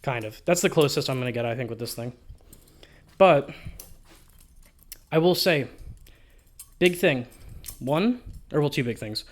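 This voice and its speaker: A man's voice: mid-range voice, expressive, unhurried, long pauses. A man talking through a product review in a casual vlog, rambling and offhand, with frequent swearing. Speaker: balisong reviewer.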